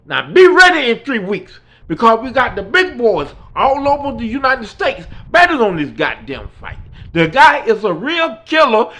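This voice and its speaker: Guy putting on a loud cussing gang boss, high bright voice, threatening. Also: full character voice. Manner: shouting threats, heavy swearing. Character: menacing white male gang leader, cursing and threatening.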